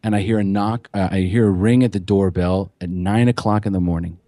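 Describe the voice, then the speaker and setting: A man with a fairly low voice tells his recovery story as a podcast guest, earnest and emotional, swearing freely. The sound is dry and close, with no room around him. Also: steady tone, fairly quick, warm tone, no echo.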